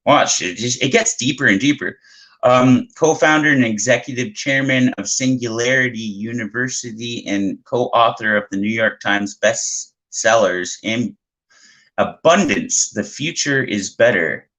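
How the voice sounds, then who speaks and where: Man from Canada, mid-range voice, bright tone, chuckling podcast co-host, reads haltingly. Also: mid-range voice, rough recording. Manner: laughing often, stumbling over words while reading. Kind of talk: casual conspiracy chat.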